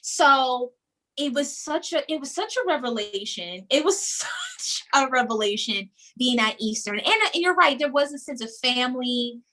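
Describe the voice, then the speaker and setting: Woman from New York, young adult, interview guest, very high voice, animated storyteller. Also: moderate pace. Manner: animated, repeats words while telling stories. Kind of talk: casual chat.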